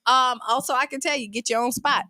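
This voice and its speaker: A woman co-hosting a morning radio talk show, quick and blunt as she gives advice, laughing often. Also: high voice, fairly even intonation, pushed and bright, no echo, clean studio sound. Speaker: radio co-host and advice giver.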